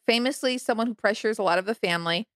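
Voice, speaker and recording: A woman's voice: a little high, fast talker, no echo, clean studio sound. A woman in casual pop-culture chat, chatty and opinionated.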